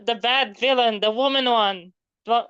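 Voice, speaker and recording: Smooth-voiced woman on a dull, lo-fi mic. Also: fairly high pitch, fairly bright tone, no echo. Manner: halting, stammers and restarts. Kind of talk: casual chat.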